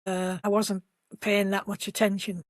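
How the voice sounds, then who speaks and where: A woman co-hosting a fan podcast, recapping scenes in a gentle, thoughtful way. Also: mid-range voice, flat delivery, normal speed, dry recording. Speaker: podcast co-host. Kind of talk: casual chat.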